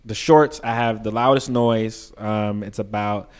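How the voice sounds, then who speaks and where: A man from Brooklyn with a New York accent, a podcast guest chatting casually and telling animated stories with frequent laughter. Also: lowish voice, a little slow, smooth. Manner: laughs often, animated storytelling. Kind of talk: casual chat.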